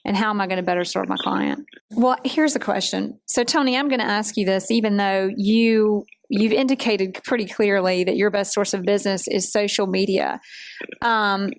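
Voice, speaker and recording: A woman's voice: mid-range voice, fairly even intonation, normal speed, no room sound. A woman hosting an interview show, asking questions and affirming her guest in a casual, encouraging way. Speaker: host.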